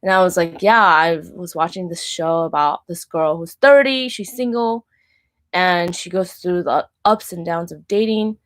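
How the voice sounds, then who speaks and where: A woman's voice: lowish voice, a little slow. A woman in her thirties, the show's host, talking candidly about faith and dating and leaning often on "like". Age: 30s. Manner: candid, heavy use of "like". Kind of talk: personal faith talk.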